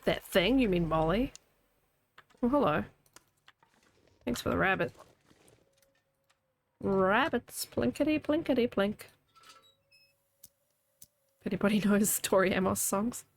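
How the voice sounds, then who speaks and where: A woman's voice: mid-range voice, normal speed, vocal fry, long pauses. A New Zealand woman in her thirties, her accent carrying a faint Scottish edge, talks her way through a game stream from home. She is chatty and loose, laughing often and answering her chat as she plays. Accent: New Zealand with a slight Scottish tinge. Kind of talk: casual gaming commentary. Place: home room.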